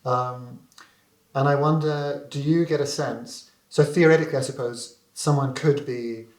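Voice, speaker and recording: A man hosts an interview, asking curious questions in a tentative way and letting his phrases trail off. His voice is mid-pitched. The room gives it a clear echo. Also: steady tone, measured pace, darkish tone. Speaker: interviewer, host. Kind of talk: conversational interview. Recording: echoey room.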